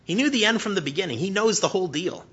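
A man in his thirties preaches with a bright, husky voice, swinging from animated, near-shouted emphasis to a hushed, slow prayer. The church recording sounds dull and lo-fi. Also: sits high. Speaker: pastor. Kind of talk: sermon.

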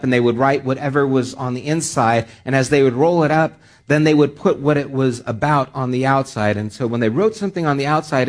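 A middle-aged pastor preaching a sermon, moving between quiet, slow passages and raised, emphatic ones, with casual fillers in his stories. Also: medium pitch. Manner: storytelling asides with casual fillers. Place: church sanctuary.

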